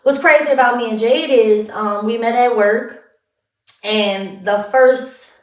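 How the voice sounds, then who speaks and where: A woman hosts a podcast in casual, heartfelt talk, sharing emotional stories openly and freely. Her voice sits fairly high. The room around her rings with echo and the mic is set back from her. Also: unhurried. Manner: candid, emotional storytelling with laughter. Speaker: podcast host. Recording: roomy echo, mic at a distance.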